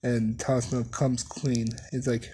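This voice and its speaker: A young adult storyteller casually retelling a fan story, rambling with fillers, coughing and clearing their throat often. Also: medium pitch, little pitch movement, unhurried, warm tone, a little hiss or hum.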